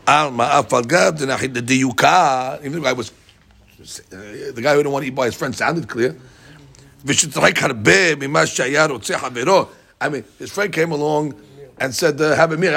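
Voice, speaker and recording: A man teaching a Talmud study class, explaining the text in an animated way and acting out both sides of the argument in quotes. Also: on the high side, normal speed, gravelly, slightly rough.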